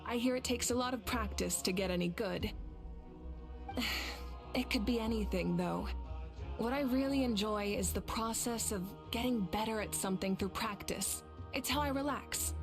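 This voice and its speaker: An actress playing a calm, steady woman leader in a game, speaking in a composed, reassuring way. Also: on the high side, moderate pace, close to an everyday voice. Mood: reflective. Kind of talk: game voice acting. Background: game music.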